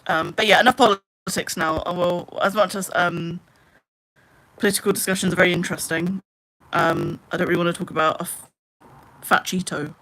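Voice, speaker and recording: Young female streamer, bright forceful voice, exasperated ranting, casual chat with viewers. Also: fairly low pitch, fairly even intonation, fairly quick. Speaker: live streamer.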